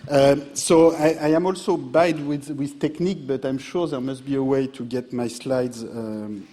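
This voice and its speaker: A man's voice: mid-range voice, steady tone, moderate pace, dark tone. A middle-aged man with a French accent, a native French speaker, giving a public lecture, hesitant with many fillers and restarts. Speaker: guest lecturer. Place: large lecture theatre.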